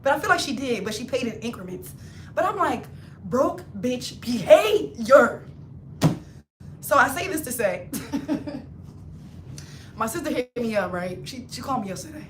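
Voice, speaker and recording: A woman livestreaming a casual storytime, animated and slangy, acting out her friends' voices as she talks. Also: on the high side, normal speed, echoey room, noisy background. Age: adult, not in her twenties. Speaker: hairstylist livestreamer.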